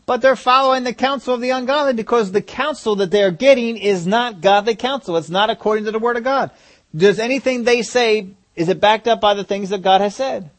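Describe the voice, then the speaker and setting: A man's voice: sits high, a little fast. A man preaching a sermon, asking the congregation rhetorical questions and driving his points home with emphasis.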